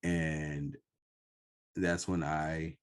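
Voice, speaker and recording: A man hosting a podcast, telling his own story slowly and earnestly in a reflective conversation. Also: rumbling low, level tone, smooth. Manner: slow, earnest, personal storytelling. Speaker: podcast host.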